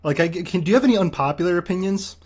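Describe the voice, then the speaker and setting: A young man hosting a livestream in casual chat, teasing his guest with quick questions and mock lectures. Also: high voice. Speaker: streamer host.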